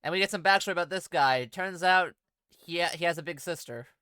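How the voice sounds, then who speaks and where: A stream host in casual chat, welcoming viewers and reacting quickly to the talk. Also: mid-range voice, pushed and bright, clean tone, dry recording.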